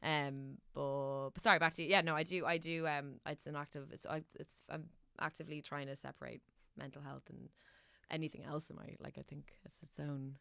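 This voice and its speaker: A woman's voice: low-pitched, fairly even intonation, fairly quick, creaky, bright, forceful tone, clean tone, dry recording, studio quality. A woman guesting on a podcast, chatting casually with frequent laughs and stop-start, self-interrupting sentences. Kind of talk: casual chat.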